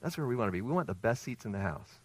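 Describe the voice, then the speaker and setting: A man's voice: medium pitch, sing-song, very fast, breathy edge, low-quality recording. A preacher voicing wheedling male disciples. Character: two adult male disciples asking for the best seats.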